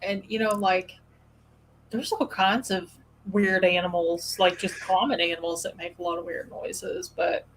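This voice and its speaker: A woman hosting a casual chat, telling animated stories with plenty of fillers and laughs. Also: fairly low pitch, a little slow, slight background noise, poor audio. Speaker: podcast host.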